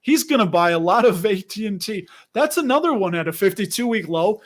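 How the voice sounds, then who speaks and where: A man's voice: sits high, lively intonation, brisk. A man with a Chicago accent hosting a casual livestream, rambling and chatty, laughing often as he reads comments. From Chicago area. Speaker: livestream host.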